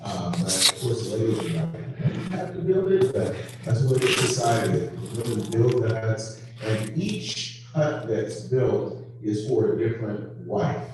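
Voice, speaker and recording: A man's voice: fairly low pitch, lively intonation, a little slow. A man sharing a mission trip story at a church panel, casual and full of ums, narrating over slides. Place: church hall. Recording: echoey hall from far off, faint noise.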